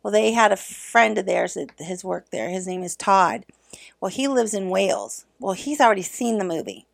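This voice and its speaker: A woman's voice: mid-range voice, vocal fry, fairly bright tone. A middle-aged woman hosting a casual podcast for an early childhood center, chatty and cheerful as she talks with young children.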